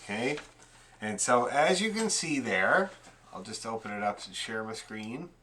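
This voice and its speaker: A male fiddle teacher giving an online lesson, explaining bowing patterns and counting beats aloud in a relaxed, explanatory way. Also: medium pitch, measured pace, a little hiss or hum.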